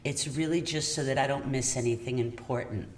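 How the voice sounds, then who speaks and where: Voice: medium pitch, fairly even intonation, brisk, reverberant. A true crime host talks casually on a livestream, chatty and apologetic. The mic sits some distance away, so the voice bounces around the room. A faint hiss runs underneath. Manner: chatty and apologetic, often checking the audio.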